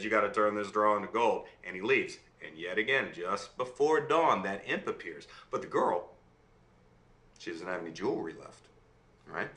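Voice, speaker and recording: A man telling a fairy tale aloud in an animated way, often checking in with his listener. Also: lowish voice. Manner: animated, checks in with "right?" and "okay?". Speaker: storyteller. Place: room on a video call. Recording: roomy room sound.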